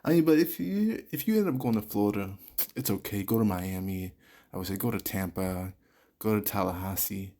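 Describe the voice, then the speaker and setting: A man's voice: lowish voice, expressive, brisk, dark tone. A man hosting a podcast, giving blunt, candid advice straight to his listeners in a casual monologue. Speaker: podcast host.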